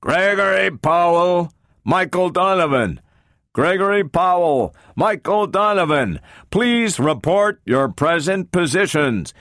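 A man doing a booming, mechanical announcer voice. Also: animated, fairly bright tone, no echo, clean studio sound, full character voice. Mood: commanding. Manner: slow, repetitive, stentorian calling.

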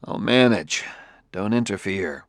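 A man voicing a gruff, impatient male detective who speaks curtly in an audiobook. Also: on the low side, animated, measured pace, no echo, clean studio sound. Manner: curt, growling.

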